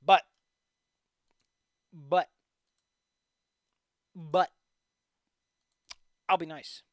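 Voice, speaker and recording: Male reader, tiring voice, high and animated, rambling and profane; dry close sound. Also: extremely slow, no room sound. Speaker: story reader. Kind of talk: casual reading of fan fiction aloud.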